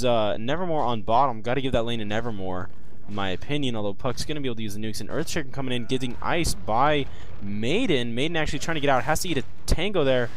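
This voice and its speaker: A man's voice: medium pitch, a little hiss or hum. Subdued male play-by-play commentator. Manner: held back, talking quietly to avoid waking a roommate. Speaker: esports commentator.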